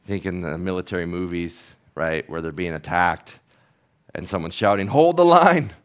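A man's voice: low voice, little pitch movement, moderate pace, a bit bright, smooth. A man who is a pastor, preaching a sermon in an earnest, conversational, storytelling manner.

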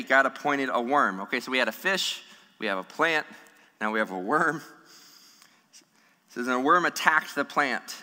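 A man preaching a sermon as pastor, animated and humorous, acting out the voices of people in the story. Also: medium pitch. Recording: long hall reverb.

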